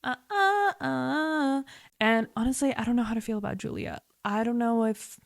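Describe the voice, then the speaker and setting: A woman's voice: a little high, level tone, quick pace, dry recording, studio quality. A young woman vlogger recapping a TV show in casual chat, rambling and swearing freely, with lots of "like" and "um". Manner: chatty, profane, lots of "like" and "um", rambling.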